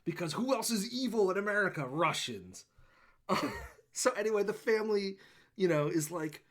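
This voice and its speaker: With a high-sitting voice and a brisk pace, a man co-hosting a movie podcast rants and curses through a plot summary. He performs characters' lines in quotes, keeping the review chat loose and casual.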